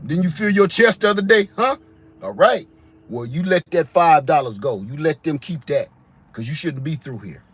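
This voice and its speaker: Animated male vlogger from Ohio, slangy comic rants, pitched high. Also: moderate pace, husky. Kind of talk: comedic monologue.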